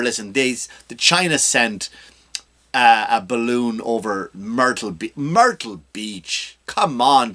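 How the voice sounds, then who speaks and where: A man's voice: medium pitch, sharp tone. A male comedian hosting his own podcast, delivering a ranting, self-mocking comedic monologue.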